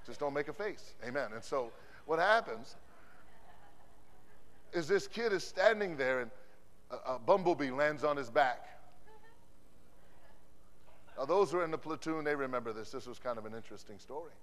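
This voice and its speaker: A man preaching a sermon as pastor. He drops "amen" between phrases and swings from loud declarations to hushed asides. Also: mid-range voice, lively intonation, normal speed, pauses often. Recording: long hall reverb from a conference sanctuary.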